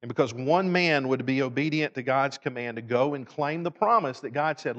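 A man's voice: medium pitch, moderate pace, hardly any pauses, fairly bright tone. A man preaching a sermon, telling a story with dramatic rises and falls and solemnly quoting prayers. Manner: dramatic, rising and falling emphasis, quotes prayers solemnly. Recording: dull lo-fi recording in a reverberant hall.

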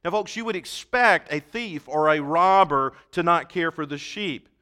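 A man's voice: on the high side, animated, normal speed, bright, forceful tone. A man preaching a sermon, reading scripture aloud and explaining it with emphatic stresses and the odd restart. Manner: occasional restarts and fillers. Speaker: pastor.

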